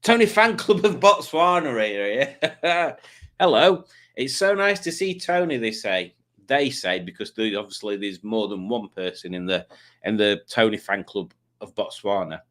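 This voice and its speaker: A man's voice: fairly low pitch, animated, unhurried, a bit bright. A man, hosting a live stream, chatting casually and joking as he reads out viewers' comments. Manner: chatty, jokey, does silly voices for commenters.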